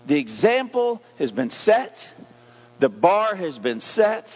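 A man's voice: high-pitched, sing-song, slow, vocal fry. A man preaching a sermon as pastor, emphatic, putting questions to his congregation. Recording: dull lo-fi recording.

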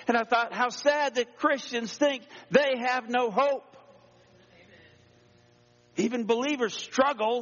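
Excited pastor, high voice, echoing hall. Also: male voice. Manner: energetic, exclaiming, calls for amens. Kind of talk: sermon. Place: church sanctuary. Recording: dull sound in a long-echo hall.

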